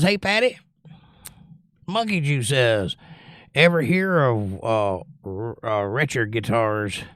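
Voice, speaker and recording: A man's voice: medium pitch, no room sound, clean studio sound. An older man hosting a music livestream, reading viewers' comments aloud in a casual, joking way. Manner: animated, reads chat aloud and jokes.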